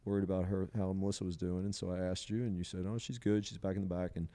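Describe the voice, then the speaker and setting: A man's voice: deep voice, little pitch movement, fast talker, dark tone. A man telling a personal story in casual conversation, rambling with many fillers and frequent laughter. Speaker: podcast guest sharing a psilocybin experience.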